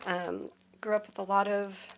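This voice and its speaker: A woman's voice: medium pitch, steady tone, moderate pace, a little hiss or hum. A woman in her forties from Southern California with a Valley girl cadence, a tarot reader rambling chattily on a live stream, her voice troubled for months. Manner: chatty, rambling, self-described quirky with no filter. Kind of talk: casual live stream chat.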